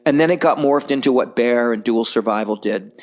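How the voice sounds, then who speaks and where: A middle-aged man speaking as a podcast guest, blunt and animated, telling stories and mocking others in put-on voices. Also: mid-range voice, a little fast. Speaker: podcast guest, survival filmmaker. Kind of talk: candid conversational interview.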